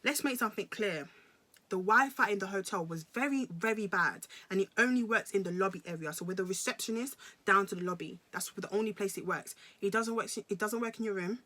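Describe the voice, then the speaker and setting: A woman's voice: mid-range voice, a little fast, pushed and bright. A woman in her twenties with a British accent, telling a personal story to her vlog viewers in an emphatic, slangy way, often repeating phrases. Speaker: vlogger.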